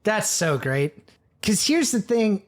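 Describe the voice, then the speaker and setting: A man's voice: high-pitched, sing-song, slow. Enthusiastic podcast co-host, a man. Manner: enthusiastic, reflective, casual swearing. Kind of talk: casual podcast chat.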